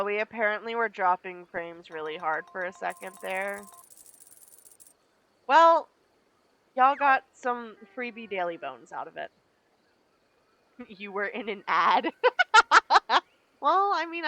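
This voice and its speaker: Bright, chatty streamer woman. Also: medium pitch, lively intonation, slow pace, pauses often, poor audio. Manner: chatty, talks to her viewers. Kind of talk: casual gameplay commentary.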